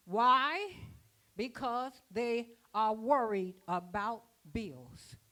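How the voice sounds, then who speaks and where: A woman's voice: on the high side, expressive, extremely slow, sharp tone. A woman preaching a sermon at a church conference, folksy and rhythmic, with plain dialect grammar. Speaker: apostle preaching.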